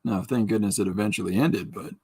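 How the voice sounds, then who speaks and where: A man's voice: lowish voice, fast talker, gravelly, a little mellow, slightly rough. A man hosting a podcast stream, chatting casually and rambling with jokes while he draws and answers viewer comments. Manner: rambling, jokey, reads out and answers chat comments. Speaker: podcast host. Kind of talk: casual livestream chat while drawing.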